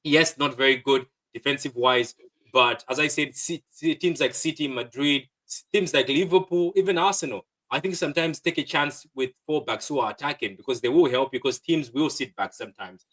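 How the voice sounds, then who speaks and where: A man talks through transfer rumours as a guest on a football stream, rambling with many fillers and restarts. His voice is bright and forward. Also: medium pitch, a little fast, rough recording. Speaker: guest fan channel host. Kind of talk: casual football chat.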